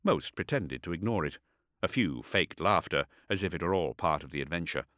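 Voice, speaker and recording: A man reads a story aloud with a lower voice that rises and falls freely. His telling is steady and expressive, recorded dry and close. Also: fairly quick, dry recording. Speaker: narrator. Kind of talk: audiobook narration.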